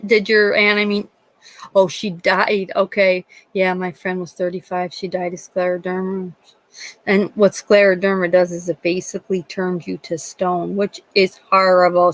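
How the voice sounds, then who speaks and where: Through a rough recording, a mid-range female voice carries a northeastern Pennsylvania accent. The middle-aged host chats casually on a live stream, emotional and rambling, frequently restarting.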